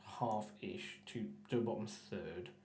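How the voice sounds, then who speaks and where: A man chatting casually while painting miniatures on a stream, rambling with stumbling restarts and often trailing off quietly. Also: fairly low pitch, slow, echoey room, slight background noise. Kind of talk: casual painting livestream chat.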